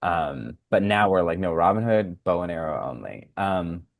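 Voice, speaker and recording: Podcast co-host, male, very low voice, loose filler-heavy recap delivery. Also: animated, moderate pace, creaky, no room sound, studio quality. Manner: rambling recap with many fillers. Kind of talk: casual podcast chat.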